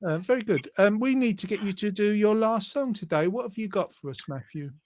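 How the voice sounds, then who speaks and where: A man runs a relaxed online show, talking in loose, rambling sentences full of small fillers. His voice sits a little high. The sound is dry and close, with no room around it. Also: brisk, dry recording. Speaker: show host. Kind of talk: casual online show hosting.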